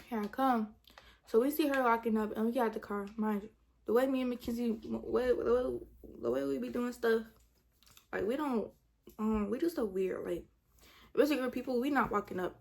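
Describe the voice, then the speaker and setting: A woman's voice: on the high side, fairly quick, gravelly, breathy edge. Young woman telling a storytime with AAVE. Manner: animated, dramatic retelling with acted-out quotes; drops to a whisper for asides. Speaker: vlogger. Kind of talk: casual storytime chat.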